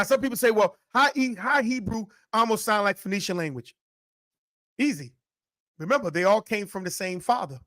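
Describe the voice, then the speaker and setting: A man's voice: high-pitched, sharp tone, dry recording, clean studio sound. A man co-hosting a discussion, emphatic and teacherly, pressing his points and urging the listeners on. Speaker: co-host. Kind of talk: preaching-style discussion.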